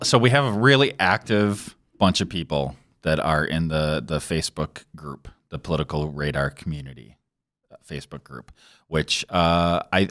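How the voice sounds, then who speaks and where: A very low-voiced man with a Wisconsin accent co-hosts a loose political talk show. His pitch swings widely as he rambles and restarts his thoughts, and the sound is close and dry. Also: a bit bright, no echo. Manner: rambling, restarts often, quick to laugh. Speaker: co-host. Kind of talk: casual political chat.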